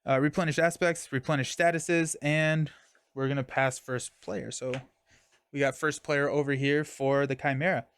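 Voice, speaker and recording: A man's voice: fairly high pitch, steady tone, moderate pace, a bit bright, smooth, no echo. A young man casually streaming a card game, talking through his moves and chatting with viewers. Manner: chatty, reads chat and thanks viewers mid-game.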